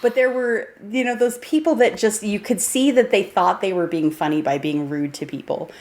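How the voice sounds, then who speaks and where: A woman's voice: mid-range voice, moderate pace. Laughing woman podcast co-host. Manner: animated, laughing, acts out quotes. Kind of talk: casual film discussion.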